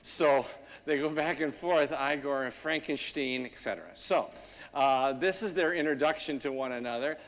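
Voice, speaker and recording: A male priest delivers a homily in a church, pausing often as he tells a story in a relaxed, conversational way. His voice sits somewhat high for a man, and the long reverb of the church trails after each phrase. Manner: conversational storytelling with frequent pauses.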